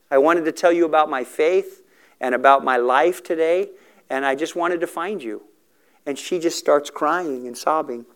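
A man's voice: on the high side, clear, resonant tone. A middle-aged man telling a story in a sermon for a recovery ministry, earnest and emotional, acting out the dialogue.

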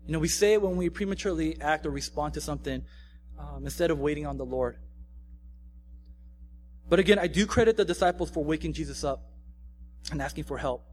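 A man's voice: fairly high pitch, fairly quick, long pauses, darkish tone, slight background noise. Casual young man preaching a sermon. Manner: casual, conversational, frequent "right?" tags. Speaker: pastor.

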